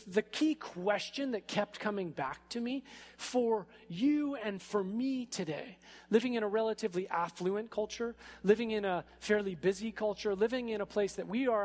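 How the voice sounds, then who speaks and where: A man preaching a sermon in a church, speaking in a casual, animated way with frequent fillers. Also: high voice, normal speed. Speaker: pastor. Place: church sanctuary. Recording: echoey hall.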